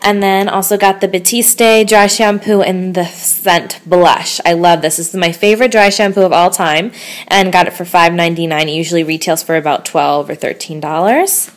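A woman's voice: on the low side, steady tone, moderate pace. Chatty woman showing a shopping haul. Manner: chatty and upbeat about bargains. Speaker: beauty vlogger.

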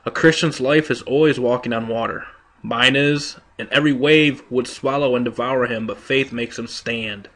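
A man's voice: mid-range voice, fairly even intonation, normal speed, a bit bright. Man preaching an emphatic sermon. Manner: emphatic, rhetorical, with quoted voices. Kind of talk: sermon reading.

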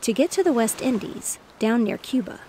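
A woman's voice: fairly high pitch, lively intonation, normal speed, warm tone, a little hiss or hum, pitched above the performer's own voice. A woman reading as a hearty, cheerful father. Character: cheerful fatherly man, fish merchant.

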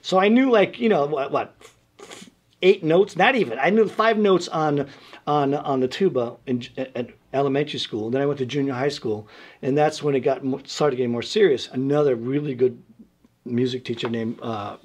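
A middle-aged man from Brooklyn, an interview guest telling lively stories and acting out voices, with lots of "like" fillers. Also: medium pitch, normal speed, slightly rough. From Brooklyn, New York. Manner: animated, acts out voices, many "like" fillers. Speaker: guest musician. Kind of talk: casual interview storytelling.

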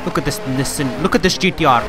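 Excitable young man over loud game music. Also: on the high side, fast. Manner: excitable, boastful, jokey, swings from mumbling to yelling. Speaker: gaming channel host. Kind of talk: gameplay commentary. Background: loud game music and car engine sounds.

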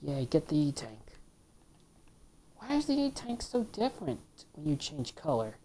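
Woman, low voice, lively pitch swings, casual gameplay commentary, half-whispered mutters, playful grumbling. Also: a little slow, a little hiss or hum. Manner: mutters half-whispered asides between exclamations; playfully complaining. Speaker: let's play gamer.

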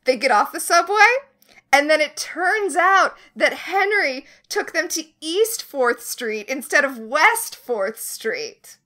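A woman's voice: high-pitched, very animated, slow pace, sharp tone. A woman co-hosting a podcast, chatting casually through a book recap with sarcastic, swearing asides. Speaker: podcast co-host. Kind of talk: casual book-club chat.

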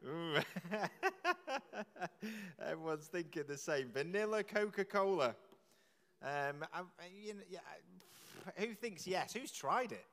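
Church leader, jokey chatty questions to the crowd, highish voice, long church echo. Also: male voice, creaky, fairly bright tone. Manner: jokey, chatty, quizzing the audience with quick questions. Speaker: preacher leading a church service. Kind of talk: playful all-age talk with the congregation. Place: large church with long reverb. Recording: echoey church from a distance.

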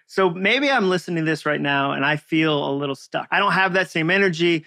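A man hosts an interview, affirming his guest before posing reflective questions. His voice is bright and a little high, recorded dry and close. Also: fairly quick, gravelly, few pauses, no echo. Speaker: podcast host. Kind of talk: interview hosting.

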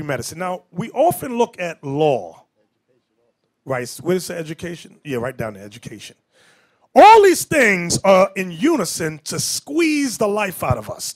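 A man preaching as a bishop, his voice set a touch high and swinging widely in pitch. He teaches in an emphatic lecture style and breaks off into off-the-cuff asides.

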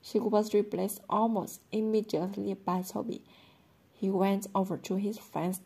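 Woman narrator, storybook reading, steady, mellow, husky. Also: mid-range voice, unhurried. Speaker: audiobook reader.

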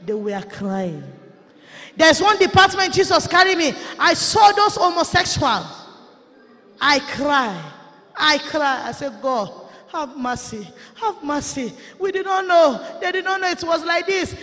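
A woman giving an impassioned, pleading sermon testimony, often shouting and tearful, as a preacher at a church conference. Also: extremely high pitch, lively intonation, measured pace. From Nigeria. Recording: reverberant hall.

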